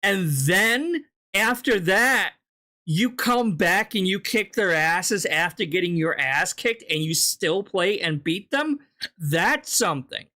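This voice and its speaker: A man's voice: high-pitched, lively intonation, slow, pushed and bright. A man hosting a reaction video, commenting with scornful, profane sarcasm.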